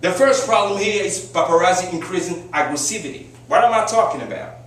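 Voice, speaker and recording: A man's voice: high-pitched, expressive, fairly quick, fairly bright tone, far from the mic. Young man giving an echoey classroom speech. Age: young adult. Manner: emphatic, rhetorical questions, frequent fillers. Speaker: student giving a persuasive speech. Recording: very echoey classroom recorded from afar.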